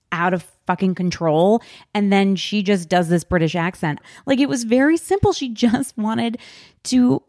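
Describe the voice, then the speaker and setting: A woman's voice: medium pitch, a little mellow, no room sound, clean studio sound. A woman hosting a casual podcast book discussion, chatty and emphatic. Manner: chatty, emphatic, fast bursts with stretched words. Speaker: podcast host.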